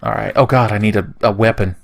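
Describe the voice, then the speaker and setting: A man's voice: fairly low pitch, steady tone, fast talker, gravelly. A young man doing casual let's play commentary, rambling into goofy, profane rants. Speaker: gaming commentator.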